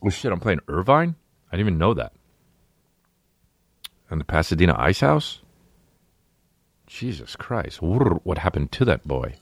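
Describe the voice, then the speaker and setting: A man's voice: sits low, big pitch swings, measured pace, gravelly, long pauses, no echo. A man hosting a comedy podcast, rambling and cursing through a casual solo monologue. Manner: rambling, profane, full of impressions. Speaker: podcast host.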